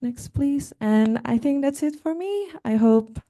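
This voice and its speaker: Soft-toned woman giving a talk. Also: high-pitched, animated. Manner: halting, with fillers and restarts. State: out of breath. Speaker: speaker giving a talk with slides. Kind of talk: conference talk.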